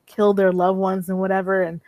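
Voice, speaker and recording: Animated woman retelling a movie plot. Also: mid-range voice, a little fast, no room sound. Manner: animated storytelling with frequent laughter. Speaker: co-host of a movie review show. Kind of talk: casual chat.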